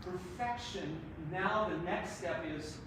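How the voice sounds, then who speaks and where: A man giving encouraging, animated feedback to singers after their performance. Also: sits high, slow. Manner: encouraging, animated, laughs often. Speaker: performance adjudicator. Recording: echoey room, far from the mic, noisy.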